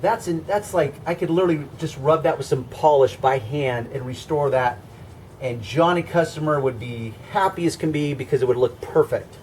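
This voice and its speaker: A man's voice: a little high, moderate pace, a little mellow, slight background noise. A man teaching car scratch repair in a hands-on demonstration, explaining step by step in a conversational, emphatic way. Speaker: car detailing instructor.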